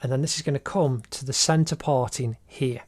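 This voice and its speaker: Here a male art teacher talks in a mid-range, steady, slightly mellow voice at a moderate pace. As he draws, his voice-over leads through the tutorial step by step in an encouraging manner.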